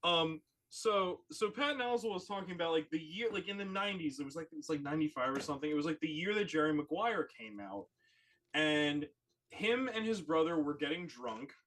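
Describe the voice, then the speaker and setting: Animated, bright-voiced storyteller. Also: medium pitch, fairly quick, low-quality recording. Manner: animated storyteller with lots of "like" fillers. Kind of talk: casual podcast chat.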